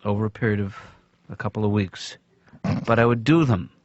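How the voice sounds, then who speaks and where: A man in a casual comic exchange, talking haltingly and making fun of himself. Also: lowish voice, darkish tone, no room sound, dull audio. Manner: hesitant, halting, self-deprecating.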